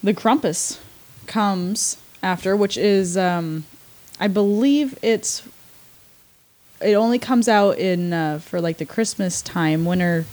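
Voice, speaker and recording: A woman's voice: mid-range voice, slow pace, darkish tone. A young woman chatting casually as a podcast guest, hesitant with many fillers and frequent laughs. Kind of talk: casual chat.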